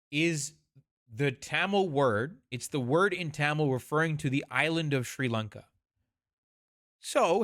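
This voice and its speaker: A man talks over footage in a casual commentary, breaking down terms and correcting himself mid-sentence, with open scorn for the police. His voice sits somewhat high for a man. The sound is dry and close, with no room around it. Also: a bit bright, no room sound. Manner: explanatory, restarts and corrects himself; blunt, scornful toward police.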